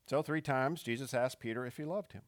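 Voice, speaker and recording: A man's voice: mid-range voice, fairly quick, no room sound. A man preaching a sermon who tells a story and acts out its quotes, with his intensity rising and falling. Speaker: pastor.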